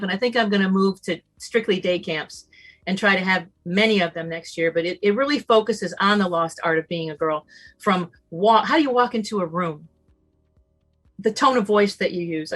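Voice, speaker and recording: A woman giving a motivational talk as a summit guest, emphatic and animated, acting out bits of dialogue. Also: mid-range voice. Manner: emphatic and animated, acts out dialogue in shifting voices.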